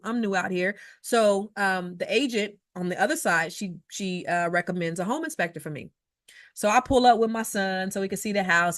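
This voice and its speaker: A woman's voice: fairly low pitch, a bit bright, no room sound, clean studio sound. Emphatic woman giving real estate advice. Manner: emphatic, conversational, repeats words and asides. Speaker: real estate investor advising viewers. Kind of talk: advice talk with personal anecdotes.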